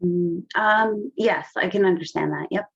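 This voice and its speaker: A woman with a low, gravelly, husky voice answers a medium with brief, grateful replies. Her audio sounds dull and lo-fi. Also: unhurried. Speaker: sitter receiving a reading.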